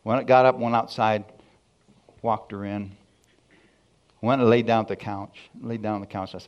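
Gravelly preacher man telling a story. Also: on the low side, moderate pace, pauses often, muffled recording. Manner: storytelling, animated, acts out dialogue. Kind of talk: testimony sermon.

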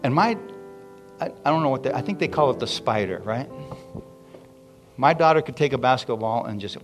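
A man's voice: medium pitch, fairly quick, faint music behind. A middle-aged man preaching a sermon, telling family stories and calling out to the congregation. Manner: animated, calls out to the congregation. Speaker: pastor. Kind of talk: sermon storytelling.

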